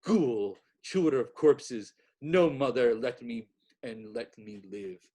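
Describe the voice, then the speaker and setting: A man's voice: on the high side, wildly swooping pitch, brisk, a little mellow, husky, pitched above the performer's own voice, exaggerated voice. A man reading as a brooding young man in a storybook reading, bitter and withdrawn. The replies come short and subdued, close to the reader's own voice. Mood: anguished. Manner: subdued, terse.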